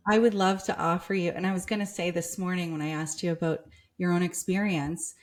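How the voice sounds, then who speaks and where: A woman's voice: fairly low pitch, fairly even intonation, brisk. A woman podcast guest from Canada, friendly and affirming in casual chat.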